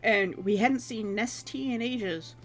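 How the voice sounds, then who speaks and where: Streamer, mid-range pitch; loose, joking, offhand chat with the odd swear. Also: unhurried, faint music behind. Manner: rambling, joking, swears casually. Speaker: livestreamer. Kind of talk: casual chat with viewers.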